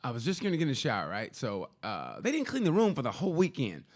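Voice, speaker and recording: Man, podcast co-host, quick rambling storyteller, lively pitch. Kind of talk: casual chat.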